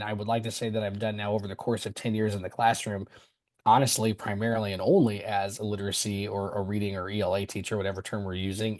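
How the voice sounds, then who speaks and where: Animated male teacher explaining. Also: fairly low pitch. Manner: animated, explanatory, walks the listener through steps. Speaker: middle school reading teacher, podcast guest. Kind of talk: conversational explanation on an education podcast.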